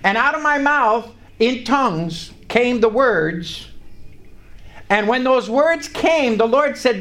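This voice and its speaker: A man's voice: extremely high pitch, animated, slow pace, fairly bright tone. An older man preaching a sermon in a church, telling a story with emphatic, rising lines. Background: congregation responding.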